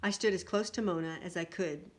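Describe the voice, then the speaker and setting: A woman reading a picture book aloud in an animated way, adding little asides to her listeners. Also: lowish voice, brisk.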